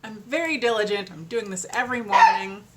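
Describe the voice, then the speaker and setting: A woman's voice: medium pitch, brisk, heavy background noise. A young adult woman vlogger in casual chat, rambling with fillers and trailing off, sounding tired.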